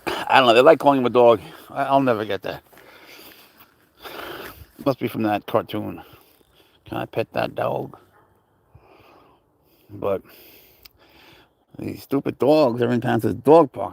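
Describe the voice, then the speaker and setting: A man with a gravelly voice chats loosely to his live stream viewers while out in a park. He rambles, greets people by name and talks to his cat. His voice is picked up by a handheld phone. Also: medium pitch, no echo. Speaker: livestream host. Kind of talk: casual live-stream chat. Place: outdoors in a park.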